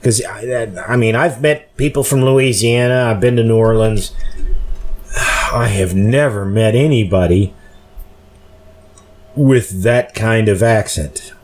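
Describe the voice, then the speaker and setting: A tired man hosting a solo podcast, talking slowly and rambling with many pauses and fillers. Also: fairly low pitch, a little mellow. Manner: rambling, slow, full of fillers. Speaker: podcast host. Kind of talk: casual solo podcast monologue.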